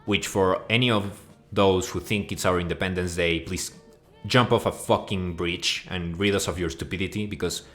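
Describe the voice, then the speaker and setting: A man's voice: deep voice, fairly even intonation, moderate pace, hardly any pauses, a bit bright, faint music behind. A man delivering a crude, swearing, mock-outraged rant that rambles from point to point. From Mexico. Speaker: video host. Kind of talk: profane comedic rant.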